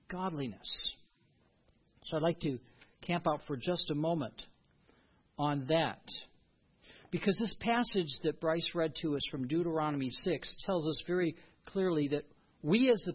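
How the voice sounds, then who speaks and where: A man's voice: high-pitched, husky, highs cut off. A man preaching a sermon as a pastor, earnest and emphatic.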